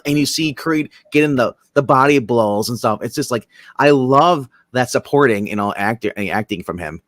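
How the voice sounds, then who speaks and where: A man's voice: mid-range voice, a bit bright, no room sound, studio quality. A man co-hosting a movie show, jumping in eagerly with enthusiastic points about a film. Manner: eager, enthusiastic, quick to jump in. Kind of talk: casual film discussion.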